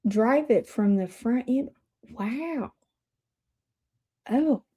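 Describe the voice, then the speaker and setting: A woman from Indiana hosting a casual livestream, bubbly and excitable, chatting straight to her viewers. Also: on the high side, drawn-out words, husky. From Indiana, USA. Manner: bubbly, excitable, talks to chat. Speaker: livestream host.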